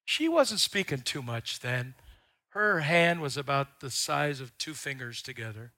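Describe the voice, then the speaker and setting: A middle-aged man preaching a sermon as pastor, telling stories in a folksy way and swelling loud on key lines. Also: mid-range voice, animated, measured pace.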